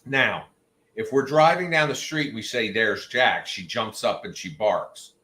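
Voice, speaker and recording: A man talks casually to his viewers, spinning rambling stories with jokey asides. His voice is bright and he takes his time. The room around him has a noticeable echo. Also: fairly low pitch, unhurried, a little hiss or hum. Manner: chatty storyteller, jokey asides. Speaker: livestream host. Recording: roomy echo.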